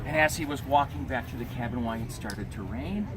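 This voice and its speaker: A man telling an interactive folk tale to an audience at an outdoor event, animated and drawing listeners in. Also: mid-range voice, a little fast. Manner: animated, teaching the audience gestures and sounds. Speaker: historical reenactor storyteller. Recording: outdoor street and traffic noise.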